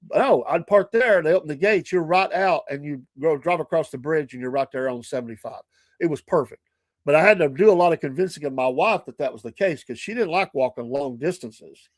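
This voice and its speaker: A man's voice: a little high, expressive, a little fast, no echo. A middle-aged man, hosting a morning show and telling rambling, chatty stories full of asides and self-corrections. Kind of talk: casual storytelling.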